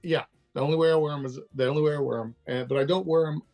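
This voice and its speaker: Gravelly-voiced older man, candid and chatty. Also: fairly high pitch, steady tone, racing, a little mellow, soft background music. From Texas, USA. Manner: candid, laughs easily, loose and chatty. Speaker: guest. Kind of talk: casual interview over a call.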